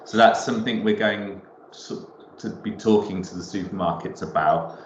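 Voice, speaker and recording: Man, low voice, rambling workshop host, roomy room, muffled video-call audio. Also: moderate pace, a little hiss or hum. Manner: chatty, rambling, many ums and restarts. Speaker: online cooking workshop host. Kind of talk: casual live cooking demo talk.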